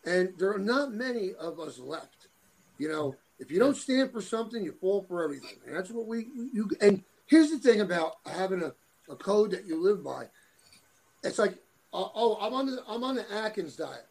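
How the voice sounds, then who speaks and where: A man's voice: sits high, sing-song, moderate pace, darkish tone, poor audio. A middle-aged man chatting as a guest, rambling and repeating words as he searches for them. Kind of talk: casual chat.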